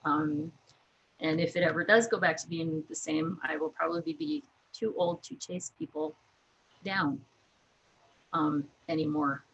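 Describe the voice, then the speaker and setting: Woman, guest, casual storyteller, laughs often, bright tone. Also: sits low, a little slow, highs cut off, a little hiss or hum. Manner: laughs often, lively anecdotes.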